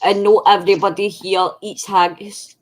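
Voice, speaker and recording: A woman's voice: medium pitch, flat delivery, moderate pace, poor audio. A Scottish woman hosting a craft stream, chatting in a rambling, self-deprecating way. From Scotland. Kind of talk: casual chat while crafting. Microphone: video call setup.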